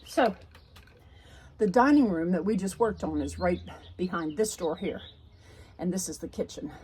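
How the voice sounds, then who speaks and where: A woman's voice: fairly low pitch, normal speed, darkish tone, breathy edge. An older woman chatting in a homespun way as she walks outdoors through a backyard, filming on a handheld phone. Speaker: home and garden vlogger. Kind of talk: casual walk-through vlog.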